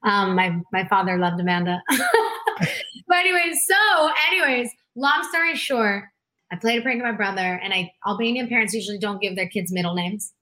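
Bright-voiced woman guest, chatty, tons of "like", acts out everyone in her stories. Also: medium pitch, brisk. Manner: animated storyteller, frequent "like", laughs a lot. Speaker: guest singer. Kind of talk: casual interview chat.

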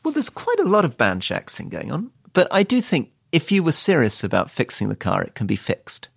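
A man's voice: medium pitch, huge pitch swings, fairly quick, gravelly, no echo. A British man, a former politician turned author, giving dry, wry interview answers. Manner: dry, wry storytelling with quoted asides.

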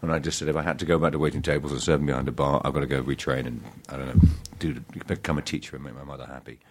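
A man, an actor, chatting in an interview, halting with many restarts and fillers, self-deprecating. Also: extremely low pitch, steady tone. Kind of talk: casual interview chat.

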